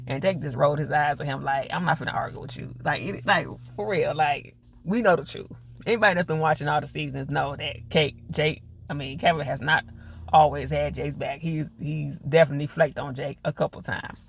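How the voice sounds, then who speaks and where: Gravelly man chatting through a TV recap. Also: fairly high pitch, steady tone, fairly quick, a bit bright, slight background noise. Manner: chatty slangy retelling, lots of fillers. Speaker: TV reviewer. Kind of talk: casual TV episode recap.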